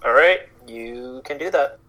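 Brief: man game master, casual, halting narration, bright and clear tone. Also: medium pitch, muffled recording. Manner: casual, halting, many fillers.

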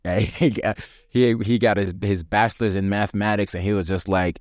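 A man hosting a podcast, relaxed and friendly, asking his guest questions and laughing easily. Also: on the low side, moderate pace, no room sound, studio quality. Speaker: podcast host. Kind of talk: casual faith conversation.

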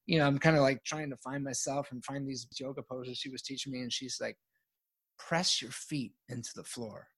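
A middle-aged man, a guest on a podcast, telling a personal story in an animated, self-mocking way and laughing often. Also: mid-range voice, moderate pace, husky. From United States.

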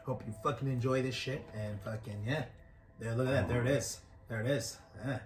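A man's voice: medium pitch, fairly even intonation, fairly quick, echoey room. A young man from Canada co-hosting a podcast, chatting casually, laughing often and swearing as he rambles. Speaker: podcast co-host. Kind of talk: casual chat.

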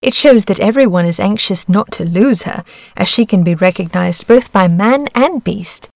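A woman's voice: medium pitch, animated, normal speed, gravelly, darkish tone, no room sound. Fretful mother duck, read by a woman. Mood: fussing. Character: fussy proud mother duck.

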